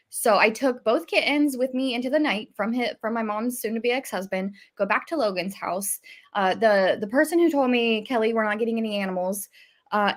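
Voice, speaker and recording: High-voiced woman telling a story. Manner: animated, laughs often while telling a story. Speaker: guest host. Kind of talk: casual chat, storytelling.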